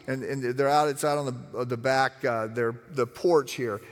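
A middle-aged man preaching a sermon, telling stories with lively acted-out voices. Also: medium pitch, moderate pace, few pauses, big-room sound. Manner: animated storytelling, acts out voices. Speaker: pastor.

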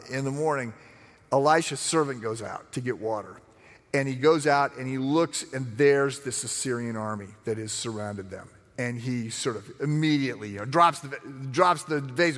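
A middle-aged man preaching a sermon, telling stories with lively acted-out voices. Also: mid-range voice, in a large hall. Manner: animated storytelling, acts out voices. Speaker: pastor.

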